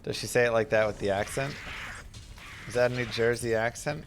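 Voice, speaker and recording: A man's voice: medium pitch, fairly even intonation, a little fast, slight background noise. A man chatting casually on a live stream while playing a game, telling stories and reading chat between play. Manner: chatty, anecdotal, reads chat aloud.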